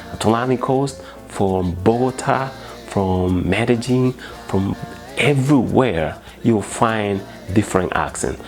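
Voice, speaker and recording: Man, Spanish speaker, low slow delivery, language-teacher tutorial with faint background music. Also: darkish tone. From Colombia. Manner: earnest, repeats words for emphasis, halting restarts. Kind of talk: instructional video talk.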